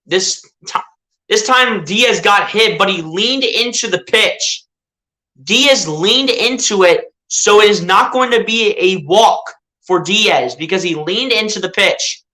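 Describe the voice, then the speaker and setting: A young man giving casual fan play-by-play of a baseball game, excitable and pleading with the players. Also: sits high, takes it slowly. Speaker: fan streaming live play-by-play.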